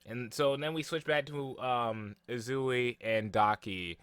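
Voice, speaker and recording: Bright-voiced man rambling about anime. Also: mid-range voice, a little slow, clear, resonant tone, dry recording. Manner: rambling, full of "um" and "like" fillers. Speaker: anime reaction vlogger. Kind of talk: casual reaction and analysis.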